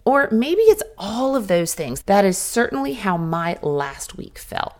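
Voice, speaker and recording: Lively, candid woman coaching her listeners. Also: mid-range voice, a little slow. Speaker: podcast host. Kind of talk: motivational solo podcast talk.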